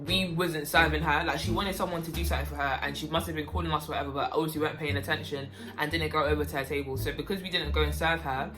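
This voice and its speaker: A young woman telling a story about her waitressing job in a casual, animated way, breaking into loud, high-pitched outbursts. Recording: music playing behind.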